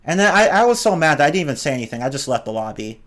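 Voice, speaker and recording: This streamer rants casually about online games, his slightly high voice sing-song, rapid-fire and a bit bright. Exasperated, he swears often and trips over his words, restarting sentences as he goes.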